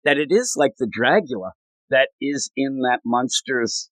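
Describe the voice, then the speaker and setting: A man hosting a comics podcast in casual chat, retelling stories with animated comic voices for the characters. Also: medium pitch, unhurried, dry recording. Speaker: podcast host reviewing comics.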